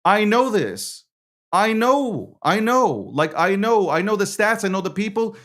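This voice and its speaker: A man's voice: high-pitched, big pitch swings, a little slow, fairly bright tone. A man hosting and producing a live show, talking in a heated, repetitive way with heavy swearing.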